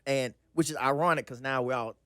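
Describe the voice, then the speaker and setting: A man guest telling a story in casual chat, excitable and quick to exclaim. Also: mid-range voice, no echo, studio quality. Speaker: guest wrestler.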